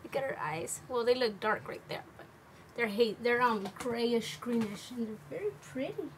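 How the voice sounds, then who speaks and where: Unhurried and fairly high-pitched, this makeup vlogger walks through her routine at home. Her relaxed delivery meanders and is full of filler words, with audible noise in the background.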